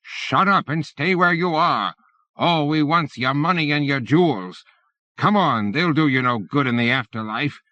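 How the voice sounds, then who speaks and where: A man's voice: medium pitch, very animated, a little slow, sharp tone, no echo, voice pushed up. A man reading an audiobook, voicing a swaggering pirate who roars in a cartoonish way. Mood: menacing. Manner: roaring, comic-strip accent. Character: roaring swaggering male pirate. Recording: dull lo-fi cassette.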